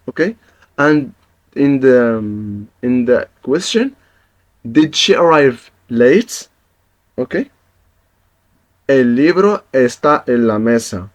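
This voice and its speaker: A man teaching a Spanish lesson in English, patiently repeating each example and checking in with his viewers. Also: mid-range voice. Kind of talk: language lesson.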